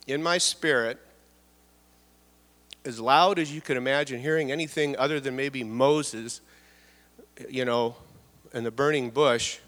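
A middle-aged man giving a personal testimony in church, earnest and halting, often repeating words and dropping his voice. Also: mid-range voice, fairly bright tone. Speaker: church speaker sharing testimony. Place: church hall. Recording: long hall reverb.

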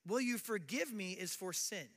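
Middle-aged male pastor, high bright voice, chatty sermon, long hall reverb. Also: expressive, moderate pace. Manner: conversational preaching with acted quotes.

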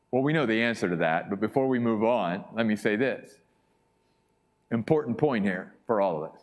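Male pastor preaching, emphatic and repetitive, measured pace, lively high voice. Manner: emphatic, repeats key phrases. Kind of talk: sermon.

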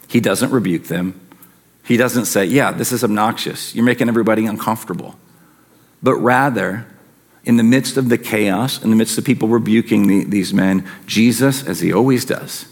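A man's voice: on the low side, creaky, a little mellow. A man preaching a sermon as a pastor, earnest and emphatic, his intensity rising and falling.

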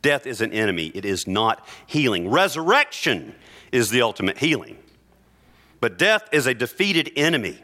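A middle-aged priest preaching a sermon in church, earnest and heartfelt, sinking soft and low in grief and rising to emphatic declarations. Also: male voice, sing-song, moderate pace.

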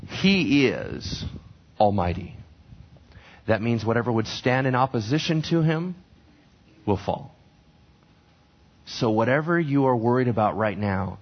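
A man's voice: mid-range voice, expressive, measured pace, long pauses. A man preaching a sermon as a pastor, talking conversationally and asking the congregation questions. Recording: dull lo-fi recording.

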